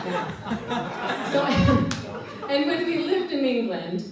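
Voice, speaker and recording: A woman in her forties with an American accent, telling stand-up stories in a chatty, giggly way and acting out quotes in high voices. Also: very noisy. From United States. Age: 40s. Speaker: stand-up comedian. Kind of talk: stand-up storytelling. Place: live room with audience. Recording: distant mic in echoey room.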